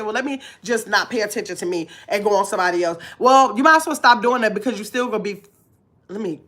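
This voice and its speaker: Nasal, bright-voiced woman in her fifties. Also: on the high side. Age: 50s. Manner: blunt, preachy, reads comments aloud. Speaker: vlogger. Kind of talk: casual live-stream talk.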